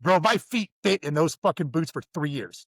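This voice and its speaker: A man's voice: a little high, animated, normal speed, a bit bright, no room sound. A man co-hosting a podcast, telling rambling, profane stories in a casual chat. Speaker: podcast co-host.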